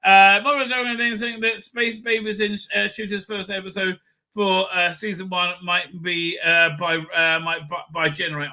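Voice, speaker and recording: In a high-pitched, pushed and bright voice with a level tone, a middle-aged man moves at a moderate pace through a casual live chat. As livestream host, he rambles over viewer comments with many fillers and restarts and an irreverent edge.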